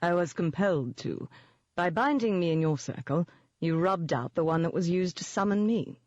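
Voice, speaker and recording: Narrator voicing a silky, cultured gentleman demon. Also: mid-range voice, lively intonation, dry recording, dull audio, natural voice. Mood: silky menace. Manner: slow, smooth, taunting delivery. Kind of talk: audiobook character voice.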